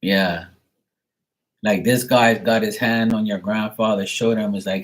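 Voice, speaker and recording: A man's voice: fairly low pitch, steady tone, unhurried, poor audio. A man giving a live psychic reading in a casual, rambling way, full of fillers and the odd swear word. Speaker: psychic reader.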